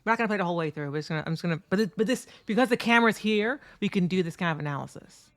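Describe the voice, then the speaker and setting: A woman recounting a tournament over her match footage in a candid, profane, animated way. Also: fairly low pitch, very fast, no echo. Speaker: streamer and competitive fighting game player.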